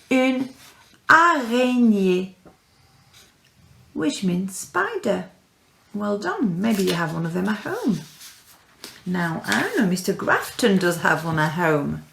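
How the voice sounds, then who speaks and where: A woman teaching French to young children in a recorded lesson, speaking clearly and encouragingly and repeating words for her pupils. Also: medium pitch. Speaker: primary school French teacher. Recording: echoey room.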